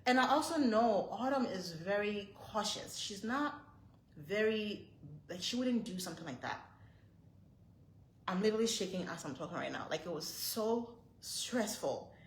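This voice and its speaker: A woman's voice: mid-range voice, expressive, moderate pace, echoey room, slight background noise, rough recording. A woman in her thirties, a mother vlogging to her viewers, retelling a frightening moment in a tense, breathless way with lots of repeated phrases. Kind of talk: storytelling to camera.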